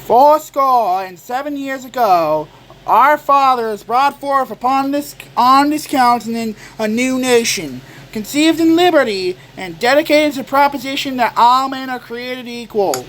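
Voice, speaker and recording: A young man doing a slow, solemn impression of President Lincoln reciting a speech, with halting restarts. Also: extremely high pitch, expressive, a bit bright, a little hiss or hum, heavily acted, poor audio.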